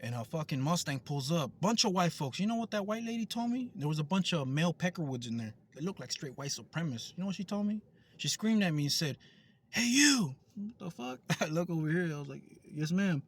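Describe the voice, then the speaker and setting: Heated high-voiced man ranting. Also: expressive, fast talker. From United States. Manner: heated, profane, repetitive. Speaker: vlogger. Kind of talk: angry rant to camera.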